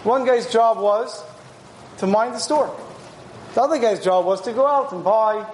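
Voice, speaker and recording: High-voiced man preaching a story sermon. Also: measured pace, echoey room, slight background noise, low-quality recording. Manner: animated storyteller acting out voices.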